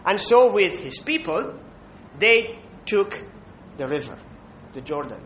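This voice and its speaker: A man preaching a sermon, emphatic, pausing to check in with listeners with a questioning "hmm". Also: very animated, a bit bright. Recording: echoey room with faint rumble.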